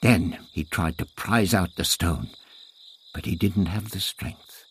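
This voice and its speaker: A man narrating a story as an audiobook in a measured storytelling manner. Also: sits low, slight background noise.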